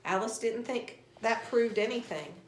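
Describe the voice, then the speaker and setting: A woman reading a children's storybook aloud in an expressive, animated way. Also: fairly high pitch, measured pace, slight background noise. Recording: roomy echo.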